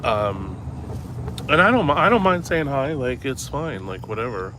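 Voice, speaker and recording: A man's voice: medium pitch, big pitch swings, normal speed. A man vlogging as he walks outdoors, chatting casually in a rambling, cynical way, with lots of swearing and filler words. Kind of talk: casual chat. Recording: loud street noise. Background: traffic and street noise.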